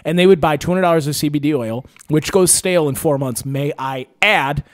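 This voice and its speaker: A man hosts a casual podcast in a fairly high voice, spinning animated stories where he acts out other people's lines. He swears freely and laughs between sentences. The recording is dry and close, with no room sound. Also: a little fast, no echo. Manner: laughs often mid-sentence. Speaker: podcast host.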